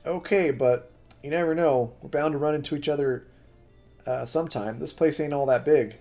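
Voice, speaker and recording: A man's voice: normal speed, faint music behind, lightly acted. A man reading aloud and voicing a brash, friendly young male pilot who talks casually and coaxingly. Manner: casual, coaxing, low and quiet.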